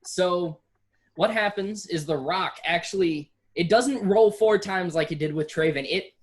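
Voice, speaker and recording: A game master runs a tabletop game in a relaxed, joking way. The voice sits at a middling pitch and often breaks into laughter while playing the locals. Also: unhurried. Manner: casual, laughing, voices booth keepers.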